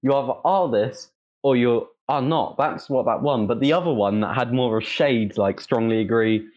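A young man co-hosting a podcast, making sardonic, deadpan jokes in casual chat. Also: medium pitch, moderate pace, highs cut off. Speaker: podcast co-host.

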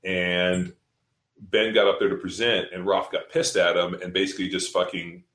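A man's voice: low-pitched, level tone, normal speed, fairly bright tone, roomy sound. A man coaching fitness seminars, telling a story in casual podcast talk, blunt and profane, acting out what people said. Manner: profane, blunt, acts out quotes.

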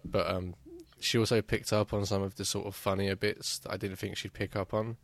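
A man's voice: on the low side, flat delivery, a little fast, gravelly, dry recording. A man chatting casually about video games, rambling with many fillers and restarts. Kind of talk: casual gaming chat.

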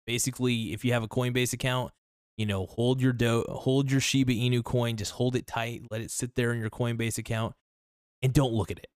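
A man hosting a casual solo podcast, talking in a loose, rambling, profane way with many restarts, his voice a little worn and hoarse. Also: medium pitch, fairly even intonation, brisk, no echo, clean studio sound. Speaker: podcast host.

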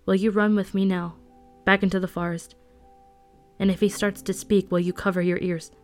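A woman's voice: medium pitch, little pitch movement, normal speed, soft background music, natural voice. A woman reading aloud, voicing a young male traveling companion with an earnest, urgent manner. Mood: pleading calm. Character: young man, steady loyal travel companion.

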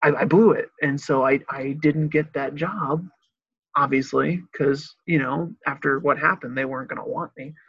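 A talkative young man in a casual chat, his voice a bit husky and pitched slightly high. The sound is dry and somewhat muffled. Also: moderate pace, dry recording. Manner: animated, talkative, laughs often. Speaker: friend chatting.

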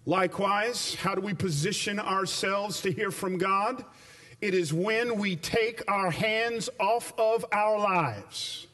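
A man delivers a sermon with emphatic, punchy phrasing, drawing out key words before speeding through stretches of storytelling. His voice sits fairly high, and he drops into loose, colloquial asides. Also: fairly bright tone. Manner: emphatic, shifts between slow stressed phrases and rapid runs. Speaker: preacher.

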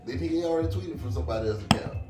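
A man's voice: medium pitch, animated, very fast. A man, a guest in a casual podcast chat, talking in a laid-back, blunt way. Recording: roomy room with loud music.

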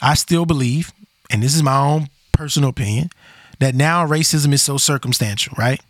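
A male podcast host talks through his opinions bluntly and casually, circling back and repeating his points. His voice sits at a middling pitch. It is recorded close on the mic, dry and without room sound. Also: normal speed, no echo. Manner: blunt, rambling, repeats himself.

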